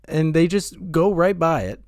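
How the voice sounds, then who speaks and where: A young man co-hosting a casual podcast, an animated storyteller who laughs often. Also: on the high side, unhurried, no room sound, clean studio sound. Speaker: podcast co-host.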